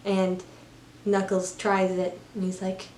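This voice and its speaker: A woman's voice: mid-range voice, slow. Chatty woman retelling a film plot. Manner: chatty, animated, lots of fillers. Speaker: film reviewer. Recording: roomy room, faint background noise.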